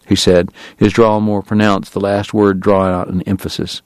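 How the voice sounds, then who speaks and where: A man reading a novel aloud as its narrator, in a steady, understated way. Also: deep voice, normal speed, hardly any pauses, dry recording. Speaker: audiobook narrator. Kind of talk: scripted narration.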